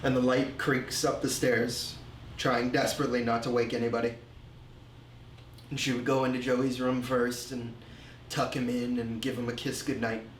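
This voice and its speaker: An actor playing a remorseful man confessing his drinking and insecurity, telling it slowly and haltingly in a film monologue. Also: medium pitch, flat delivery, slight background noise, lightly acted. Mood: reflective. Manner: slow, halting, reflective storytelling. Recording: roomy echo.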